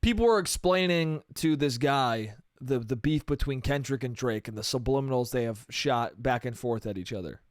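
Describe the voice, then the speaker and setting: A man's voice: medium pitch, animated, moderate pace, hardly any pauses, dry recording, studio quality. A man hosting a solo comedy podcast, rambling in a loose, profane, self-amused way with lots of restarts. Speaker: podcast host.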